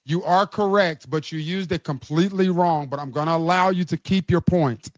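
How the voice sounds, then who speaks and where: A man's voice: fairly high pitch, normal speed, no echo, dull audio. A man calling in as a radio sports-talk guest, playfully quizzing the host like a game-show quizmaster over a remote microphone. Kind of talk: casual radio banter.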